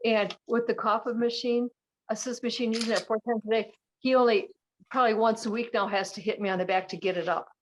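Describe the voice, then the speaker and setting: A woman's voice: a little high, steady tone, brisk, low-quality recording. An older woman on a video call in a support group, chatting in a plain, homely way. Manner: plain-spoken, chatty storytelling.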